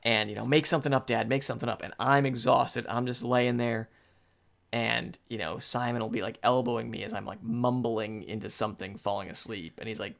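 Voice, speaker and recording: A man in his forties, co-hosting a podcast, retelling a book in a relaxed, rambling way. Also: mid-range voice, fairly quick, gravelly. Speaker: podcast co-host. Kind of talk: casual book discussion.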